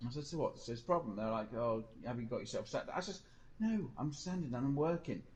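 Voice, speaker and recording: A man's voice: mid-range voice, animated, brisk, darkish tone, poor audio. A man streaming a game, rambling through a personal story in casual chat and mimicking other people's lines. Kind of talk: casual chat while gaming.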